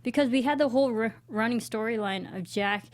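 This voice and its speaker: A young woman co-hosting a casual TV review show, chatting with fillers and a relaxed, friendly manner. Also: on the high side, fairly quick. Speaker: co-host of TV recap show.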